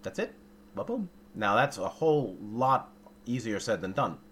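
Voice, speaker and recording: A man with a lowish voice talks through a meditation teaching, thinking aloud as he goes and tossing in dry, blunt asides. A faint hiss of background noise sits under the recording. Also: lively intonation, moderate pace, fairly bright tone. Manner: musing, searching for words, with dry humor and blunt asides. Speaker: dharma teacher. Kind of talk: informal dharma talk.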